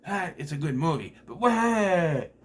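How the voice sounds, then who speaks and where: A man's voice: a little high, very animated, a little slow. A man giving a casual movie review in a sarcastic, profane, exasperated way.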